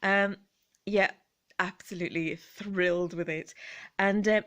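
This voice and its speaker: A woman vlogging in a relaxed storytelling chat, gentle and chatty with frequent laughs and quiet asides. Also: mid-range voice, unhurried.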